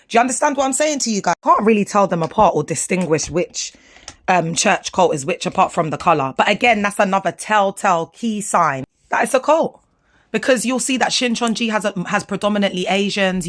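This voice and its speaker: A woman, talking straight to her viewers over photos in an indignant, animated commentary, full of slang. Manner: animated, indignant, slangy, swings between low asides and high exclamations. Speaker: vlogger speaking out about her former church.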